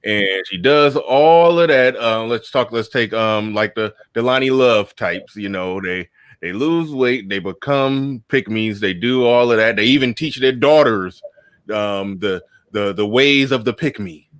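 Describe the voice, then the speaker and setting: A man hosting a podcast, talking in a relaxed way and repeating his words. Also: fairly low pitch, unhurried, clean tone, no room sound. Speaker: host. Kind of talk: casual podcast chat.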